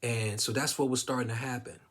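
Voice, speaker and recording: A man casually telling a personal story to his viewers, relaxed, with many fillers and quoted bits of dialogue. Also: medium pitch, a little fast. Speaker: vlogger sharing a personal story.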